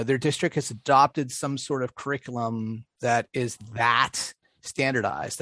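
A man's voice: medium pitch, a bit bright, no echo, studio quality. A man co-hosting a podcast in casual chat, rambling and restarting his sentences, laughing often. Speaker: podcast co-host.

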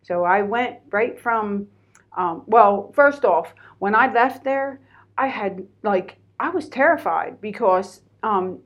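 A middle-aged woman from Pennsylvania recounts her own story as an interview guest. Her delivery is candid and animated, full of ums and likes, at an ordinary pitch for a woman. The audio is a little dull and lo-fi. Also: takes it slowly. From Pennsylvania, USA. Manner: animated, candid, heavy use of fillers. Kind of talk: personal storytelling in conversation.

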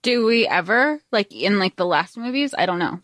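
A woman's voice: medium pitch, animated, normal speed, fairly bright tone, no room sound, studio quality. A woman co-hosting a podcast, chatting casually about a movie and chiming in with wry, jokey asides. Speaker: podcast co-host. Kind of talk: casual chat recapping a movie.

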